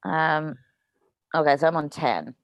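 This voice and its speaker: A woman's voice: sits low, measured pace, lo-fi sound. A woman playing a tabletop game, blunt and jokey, swearing freely. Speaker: player. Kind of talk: casual tabletop game banter.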